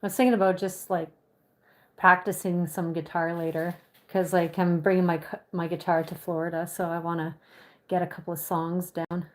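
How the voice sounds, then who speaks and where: Speaking at normal speed in a flat, lowish voice, a livestream host talks from her phone while outdoors in snowy cold with a pet goose. Her chat is loose and rambling, peppered with "like" and "you know."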